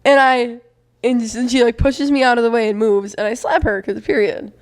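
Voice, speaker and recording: A woman guesting on a casual podcast, telling a story in an animated way, laughing along. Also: on the high side, fairly quick.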